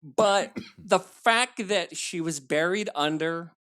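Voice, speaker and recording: A man's voice: high voice, slow. A man appearing as a guest on a film podcast, talking emphatically and chiming in often to agree. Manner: animated, emphatic, lots of agreeing. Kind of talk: casual film discussion.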